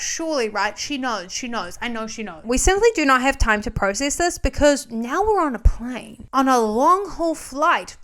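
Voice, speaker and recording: A chatty woman vlogger recapping a movie with sarcastic asides and frequent tangents. Her voice sits high and comes across smooth and clear. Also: sing-song, normal speed, few pauses, a bit bright.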